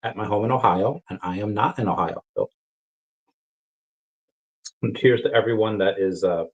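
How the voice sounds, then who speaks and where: A man's voice: fairly low pitch, normal speed, muffled recording. A man hosting a casual vlog, telling a rambling, crude story with goofy asides. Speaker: vlogger.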